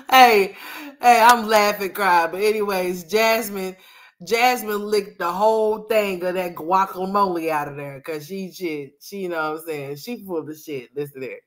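A woman's voice: medium pitch, measured pace. Brash, foul-mouthed woman commentator. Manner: brash, profane, loud laughing rants. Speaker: commentary host. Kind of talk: reaction commentary.

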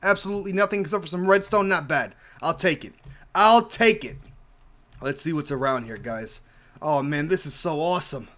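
A young man giving casual let's-play commentary while gaming, excitable and gushing, often repeating himself. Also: on the high side, normal speed. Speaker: gaming YouTuber.

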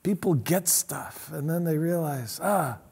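Husky high-voiced man preaching a sermon. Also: measured pace. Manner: animated preaching, acting out quotes. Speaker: pastor.

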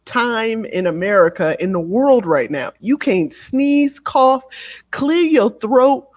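Lady cohost on a chill podcast, talks slow n draws it out, voice swings all over. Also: a little high. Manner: drawn-out, animated storytelling. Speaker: podcast co-host. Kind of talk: casual podcast chat. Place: home abroad.

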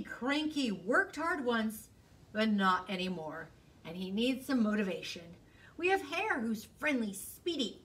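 A woman librarian reading a picture book aloud to children in an expressive, sing-song storytelling voice. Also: sits high, far from the mic. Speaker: school librarian.

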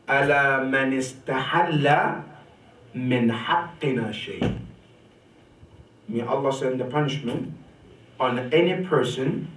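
Man, sermon, fairly high voice, emphatic rises and drops, distant mic. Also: sharp tone. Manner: emphatic, rising sharply on key points and dropping low on quotations; repeats rhetorical "right?" to the congregation. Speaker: sheikh giving a religious lecture. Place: mosque or community center hall. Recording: echoey hall, mic from a distance.

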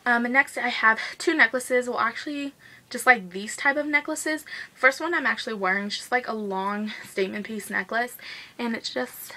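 A young woman talks through her monthly favorites with a bright, crisp tone. She gushes and rushes, leaning on "like" and "guys" in a loose, casual vlog style. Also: a little high, low-quality recording. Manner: gushing, fast-talking, says "like" and "guys" a lot. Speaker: beauty vlogger.

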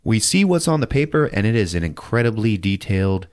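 This podcast host's voice is lowish and a little fast as he laughs his way through a profane, comic movie recap, telling it with lots of animation.

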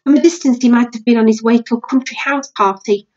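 A woman's voice: on the high side, fast, mellow, dull audio. A British woman teacher reading a novel aloud to her class.

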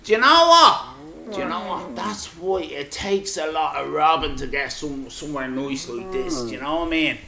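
A man's voice: on the high side, animated, moderate pace, vocal fry, roomy sound, crowd noise. An Irish man bantering on a live stream, rambling and teasing in local slang.

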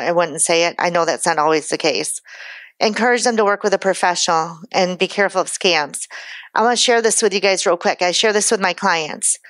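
A woman's voice: lowish voice, a bit bright, no echo. A woman insurance broker giving a conference presentation, chatty and joking, laughing at her own asides. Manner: chatty, joking asides, self-deprecating humor.

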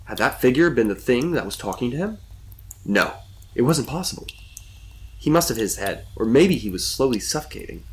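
A man reading a suspenseful story as a storyteller with steady narration. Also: mid-range voice, fairly quick.

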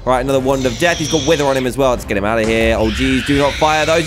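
A man hosting a video game let's play, excitable and chatty, exclaiming often. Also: medium pitch, fast talker, few pauses, music in the background. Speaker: gaming video host.

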